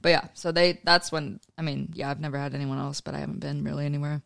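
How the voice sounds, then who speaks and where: A woman's voice: sits low, level tone, fast talker, gravelly, a bit bright, dry recording, clean studio sound. A young woman from Kansas in a casual family chat, rambling and trailing off, full of fillers. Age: young adult.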